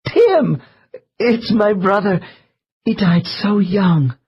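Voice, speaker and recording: A man voicing an emotional woman under hypnosis, tearful and joyful, whose breathless voice rises into high excited cries. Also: moderate pace, husky, muffled recording. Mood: overjoyed.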